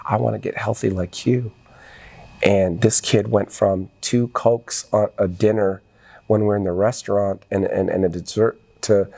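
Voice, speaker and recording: A man's voice: lowish voice, gravelly, warm tone. A middle-aged man, a podcast guest, talking earnestly and with some emotion about his family in a casual interview.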